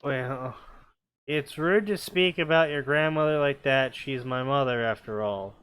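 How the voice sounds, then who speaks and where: A man's voice: medium pitch, a little slow, a bit bright, clean tone. A man reading fanfiction aloud and breaking off into sarcastic, nitpicking commentary, often stammering as he restarts his sentences.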